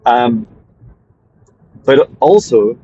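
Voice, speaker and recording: A man, a spiritual mentor, talking casually to his viewers in a meandering way, often pausing and restarting. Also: mid-range voice, big pitch swings, warm tone, highs cut off, a little hiss or hum. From Scotland. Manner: meandering, hesitant with fillers and restarts.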